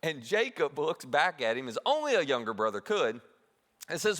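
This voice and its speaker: Man, pastor, sermon, bright forceful voice, lively pitch, echoing church hall. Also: moderate pace. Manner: animated storytelling, acts out voices of siblings. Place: church auditorium.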